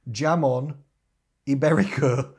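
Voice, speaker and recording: Male co-host, casual chat, easygoing and giggly, mid-range voice, halting when he reads. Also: medium pitch, darkish tone, slightly rough. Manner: chatty, laughs often, reads out a list haltingly.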